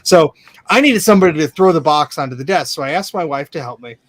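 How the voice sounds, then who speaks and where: A man co-hosting a casual online show, telling a funny story with animated bursts and acted-out exclamations. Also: fairly high pitch, fast talker, slight background noise. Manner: animated storyteller, acts out voices in anecdotes. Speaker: podcast co-host. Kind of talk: casual chat.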